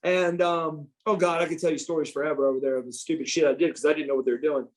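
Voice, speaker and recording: A man in his fifties from the United States, a former pro wrestler telling stories as a guest in a podcast interview, animated and profane with many restarts. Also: fairly high pitch, quick pace, rough recording. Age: 50s.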